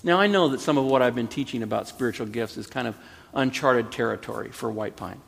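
A man in his fifties, a pastor preaching a sermon in an earnest, pleading way that builds to emphatic peaks, with a gravelly, husky voice. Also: medium pitch, brisk, a bit bright, in a large hall.

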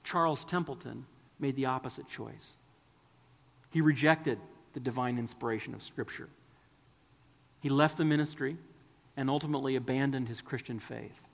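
A man's voice: mid-range voice, normal speed, creaky, long pauses, long reverb tail. A man preaching a sermon, earnest and pleading, sometimes dropping to a whisper.

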